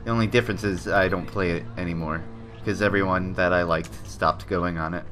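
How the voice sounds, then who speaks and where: A man's voice: low voice, fairly even intonation, brisk, fairly bright tone, faint music behind. A man giving jokey, sarcastic commentary over game footage as the host of a gaming channel. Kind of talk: gameplay commentary.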